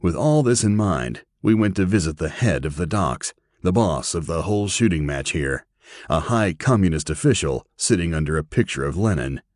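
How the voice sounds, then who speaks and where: A man reading an audiobook with steady, even narration. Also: low voice, moderate pace, dry recording, clean studio sound.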